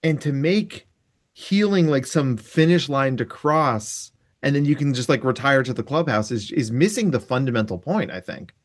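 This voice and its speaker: A man hosting a podcast, chatting and explaining ideas in an animated way. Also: mid-range voice, moderate pace. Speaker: podcast host. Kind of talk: casual podcast chat.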